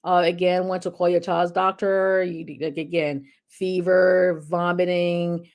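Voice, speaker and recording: Middle-aged woman, kinda low voice, chatty advice for parents, keeps saying okay?. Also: flat delivery, measured pace, darkish tone. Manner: chatty, repeats "okay?" to check in with viewers. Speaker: health video host. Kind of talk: casual advice talk.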